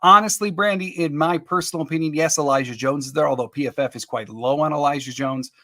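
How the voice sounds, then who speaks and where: In a fairly high, pushed, and bright voice, a man runs a live-streamed sports podcast, upbeat and chatty as he reads viewer comments and lays out his picks. He chuckles and makes quick asides to viewers, and the studio sound is clean with no room sound.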